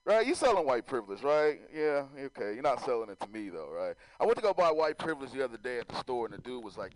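Male stand-up comedian, casual and profane, animated delivery, dry close mic. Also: mid-range voice, fairly quick, dry recording, rough recording. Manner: loose, swearing, talks to the crowd.

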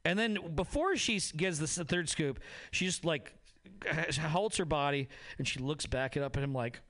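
A man performing a crude stand-up comedy set, telling an animated story and acting out the people in it. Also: a little high, measured pace.

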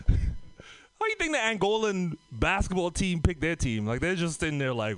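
A man's voice: high-pitched, very animated, moderate pace, fairly bright tone, smooth, no room sound. A man from Trinidad and Tobago doing a stand-up comedy set, swearing freely and laughing through his lines.

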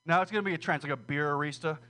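A man's voice: a little high, very fast, bright, forceful tone. A man doing a rambling, profane, self-deprecating stand-up set at an open mic. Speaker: stand-up comedian. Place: small comedy room with audience.

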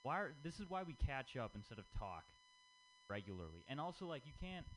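Rambling young stand-up comedian, lively pitch. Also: male voice, fairly quick, slight background noise, rough recording. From Indian family. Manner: rambling, self-deprecating, lots of fillers and laughs. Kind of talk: open-mic stand-up set.

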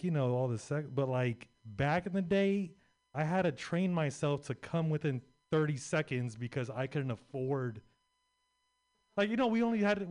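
A man's voice: fairly high pitch, a little mellow. A young adult man doing a stand-up set, rambling and crude with lots of filler words. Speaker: stand-up comedian.

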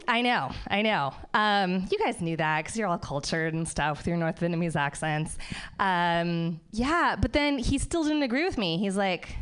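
A woman doing a stand-up set on a comedy club stage, wry, with animated mock outrage. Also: medium pitch, a little slow, clear, resonant tone.

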